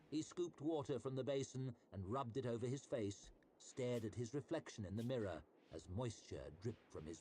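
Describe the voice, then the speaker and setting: A man with a lowish voice reads a fantasy novel aloud in a measured, expressive way. His pitch rises and falls widely through each sentence, and a faint background noise sits under the reading. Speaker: narrator. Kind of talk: audiobook-style fantasy narration.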